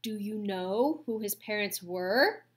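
A woman's voice: medium pitch, animated, slow. A woman voicing an old, bossy female goose who squawks and scolds bluntly. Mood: scolding.

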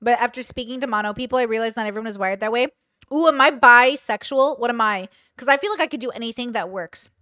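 A woman's voice: fairly high pitch, fast, pushed and bright, no echo, clean studio sound. Chatty woman streamer reacting live. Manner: chatty, reads out viewer comments.

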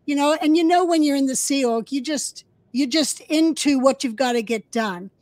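A woman co-hosting an interview show, telling stories in a chatty, animated way. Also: sits high, moderate pace, dry recording. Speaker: podcast co-host. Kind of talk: casual storytelling chat.

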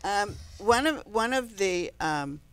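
A woman hosting a casual interview, asking quick, curious follow-up questions. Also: mid-range voice, animated, a bit bright, smooth. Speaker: talk show host.

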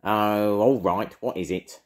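A man's voice: lowish voice, slow, pitched above the performer's own voice. An older man voicing a screeching, cackling evil witch for a storybook reading. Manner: screeching, loud, snorting.

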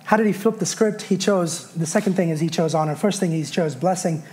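A man with a notably high voice delivers a fervent sermon from a church pulpit. He preaches with passion and keeps calling the congregation to answer him. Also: a little fast, darkish tone, a little hiss or hum. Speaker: pastor. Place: church sanctuary.

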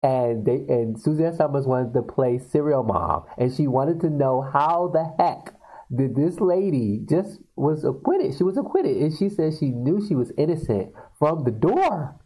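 A man casually retelling film scenes to viewers on his video channel, talking in an animated way with many fillers. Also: mid-range voice, unhurried, husky, rough recording. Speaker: video blogger. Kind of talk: casual storytelling.

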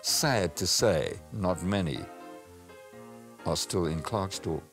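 An older man with a South African accent, telling stories from his childhood and career in a lively way. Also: low-pitched, slow, soft background music. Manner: lively storytelling, mimics voices. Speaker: radio personality. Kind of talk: reminiscing interview.

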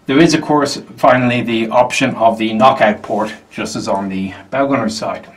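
A man's voice: mid-range voice, moderate pace. A man presenting a tank's interior in a casual walk-through, explaining with dry humor while sweating on a hot day. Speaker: tank historian presenter. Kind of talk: informal walk-through tour. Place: inside a tank hatch, outdoors. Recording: distant backup mic.

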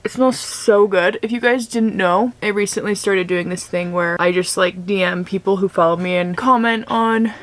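A woman's voice: medium pitch, moderate pace, few pauses. Chatty young woman gushing over products. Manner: gushing, chatty, many fillers. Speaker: vlogger. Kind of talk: casual vlog, makeup and unboxing chat. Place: at home.

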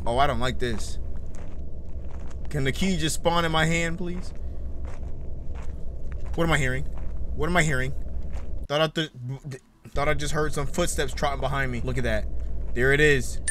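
A man's voice: a little high, sharp tone, a little hiss or hum. A young man playing a horror game, slangy and chatty with his viewers, with sudden startled exclamations. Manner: slangy, talks straight to viewers, jumpy exclamations. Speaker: gaming YouTuber. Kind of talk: horror game playthrough commentary.

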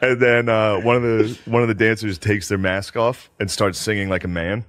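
A man's voice: on the low side, normal speed, dry recording. A man co-hosting a casual chat, telling stories with acted-out quotes and frequent laughter. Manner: animated, acts out quotes, laughs often.

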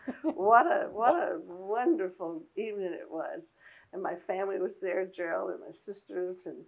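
Gravelly older woman chatting. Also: medium pitch, poor audio. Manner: folksy, laughs often, drawn-out warm Southern phrasing. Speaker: interview guest. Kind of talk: casual interview chat.

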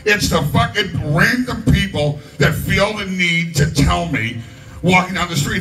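Man, stand-up comedy, high-pitched, crude self-mocking jokes, distant mic, noisy club room. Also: lively intonation, measured pace, pushed and bright.

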